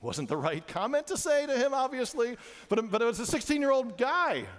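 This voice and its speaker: A man and father giving an animated church presentation to parents, repeating phrases for emphasis, in a church hall. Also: very high voice, brisk.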